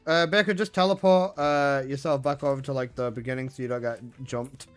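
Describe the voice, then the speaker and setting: A man's voice: medium pitch, steady tone, brisk, soft background music. A man live streaming, chatting casually with his viewers, swearing and laughing often.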